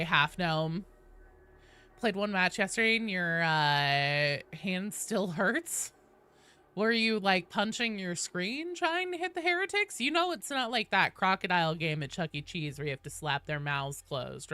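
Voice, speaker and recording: A woman streaming a game, chatting casually with viewers, greeting them loudly and swearing freely. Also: fairly low pitch, unhurried, clean tone.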